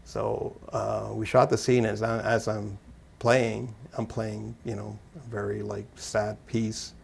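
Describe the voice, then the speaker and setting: A man with a low, heavily gravelly voice, answering interview questions in a loose, rambling way. He often laughs at himself, and his pitch stays fairly flat. A faint hiss sits under the recording. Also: slow pace. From Canada. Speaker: interview guest, actor and musician. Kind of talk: casual interview.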